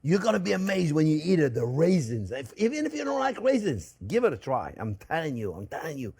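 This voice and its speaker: A man hosting a cooking show, chatty and animated, laughing often and repeating words as he demonstrates a recipe. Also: a little high, brisk, gravelly, slightly rough.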